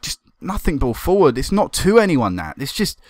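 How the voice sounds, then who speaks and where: A young man commentating on a football management game, excitable and swearing when it goes wrong. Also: fairly high pitch, moderate pace, dry recording, studio quality. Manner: excitable, swearing and laughing at goals. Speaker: gaming commentator.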